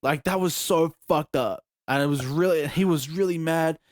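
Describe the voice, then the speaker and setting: A young Australian man, a podcast host, telling a story in casual chat, animated and profane, acting out moments with yelps. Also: a little high, moderate pace, dry recording, studio quality. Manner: animated, profane, acts out scenes with yelps and shouts.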